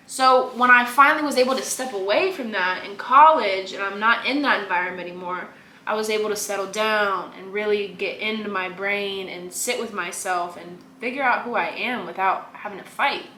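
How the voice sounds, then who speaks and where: A young woman from Virginia speaks at medium pitch and normal speed with a pushed, bright voice. As a podcast guest in a candid conversational interview, she talks emphatically, saying "like" a lot and repeating phrases, in an echoey room with faint noise.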